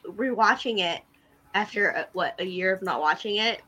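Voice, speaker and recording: A woman co-hosting a casual podcast, talking over a TV episode in an animated way, laughing often and repeating words. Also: mid-range voice, moderate pace. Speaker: podcast co-host. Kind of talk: casual chat recapping a TV episode.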